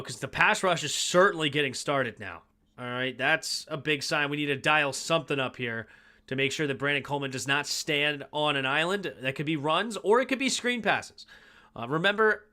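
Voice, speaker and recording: A man hosting a fan livestream who gives casual play-by-play and analysis, with sudden loud, excited reactions to big plays. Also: fairly high pitch. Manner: excitable, bursts of loud reactions over steady calls.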